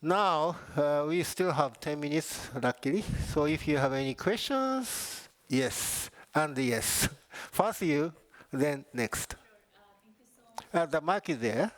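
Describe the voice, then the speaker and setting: A man moderating a panel discussion, polite and measured, summing up answers and passing the floor with frequent fillers. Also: a little high, animated, no echo.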